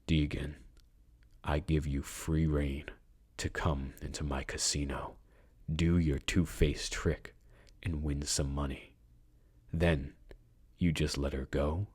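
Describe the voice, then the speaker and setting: A man voicing a menacing male casino boss who speaks in a slow, quiet, restrained calm. His voice is very deep and husky. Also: exaggerated voice. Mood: cold menace.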